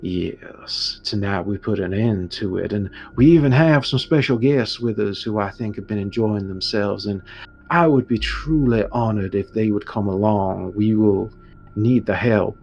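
A man voicing a middle-aged male town priest who addresses a crowd in a slow, measured preacher's manner. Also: on the low side, creaky, darkish tone, dull audio, faint music behind. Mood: rallying.

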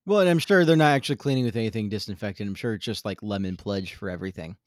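A man's voice: fairly low pitch, very fast, no echo, studio quality. A man co-hosting a podcast, talking in a wordy, joking way and stammering on his restarts. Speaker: podcast co-host. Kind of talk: casual chat.

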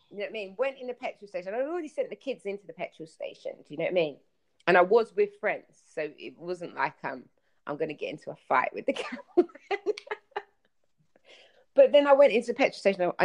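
A woman's voice: medium pitch, fast talker. A woman, telling travel stories in a casual podcast chat over a call, acting out what people said. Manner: animated storyteller, acts out quotes.

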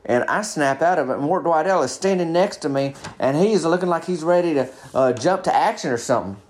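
A man's voice: on the high side, expressive, fairly quick. A man telling a rambling comic story in a folksy, down-home way. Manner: folksy Southern drawl storytelling, slips into voices for friends. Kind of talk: first-person comedic monologue in character.

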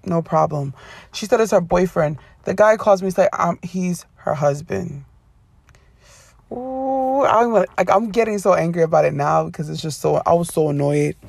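A woman casually retelling a personal story to her viewers, rambling and animated with frequent self-corrections. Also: lowish voice, normal speed, gravelly, no room sound.

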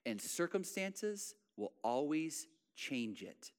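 A man preaching a sermon, repeating phrases and swinging between soft, low lines and loud, emphatic ones. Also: sing-song, slow, in a large hall. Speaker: pastor.

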